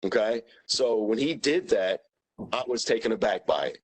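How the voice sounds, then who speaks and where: A man's voice: fairly low pitch, normal speed, low-quality recording. A man testifying as a witness, plain-spoken and emphatic, repeating his points. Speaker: witness, former union president. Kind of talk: testimony under questioning.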